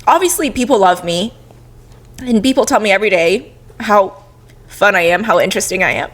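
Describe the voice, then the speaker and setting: A woman's voice: mid-range voice, lively intonation, fairly quick. Tearful young woman podcast host. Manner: tearful, emotional, laughing through tears. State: crying. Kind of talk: casual heartfelt chat.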